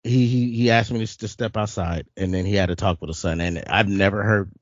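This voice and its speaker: A man with a low voice tells a rambling personal story on a casual podcast. He repeats words as he goes and laughs often. The sound is dry and slightly dull. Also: steady tone, fairly quick, no echo. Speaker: podcast co-host.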